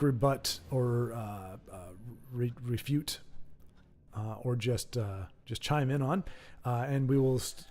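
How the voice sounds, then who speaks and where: A man's voice: mid-range voice, mellow. Rambling man casting a card game. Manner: rambling, self-deprecating, joking. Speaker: streamer and caster. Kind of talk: casual live-stream commentary.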